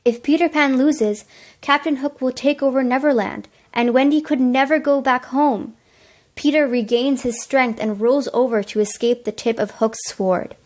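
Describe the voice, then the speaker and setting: A woman's voice: high voice, steady tone, moderate pace. A teenage girl reading plain storybook narration for a school play. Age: teens.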